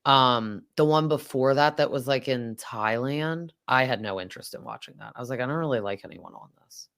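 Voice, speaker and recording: A woman in her thirties with a strikingly low voice, chatting casually as a podcast host. She is animated, laughing often and breaking into high-pitched impressions. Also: brisk. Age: 30s. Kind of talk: casual chat.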